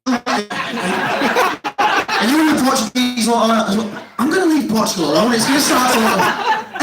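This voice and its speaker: A man's voice: high voice, very animated, fairly quick. A man doing stand-up crowd work as compere, bantering and laughing between jokes in a club. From Otley, Yorkshire. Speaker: comedy compere. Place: club venue with audience. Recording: echoey room from far off, loud noise.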